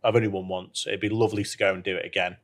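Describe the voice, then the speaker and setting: A man's voice: low voice, level tone, rapid-fire, fairly bright tone. A man, a professional golfer, telling an anecdote in a podcast chat, laughing as he acts out what others said. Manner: laughs through his stories, acts out quotes. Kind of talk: anecdotal storytelling.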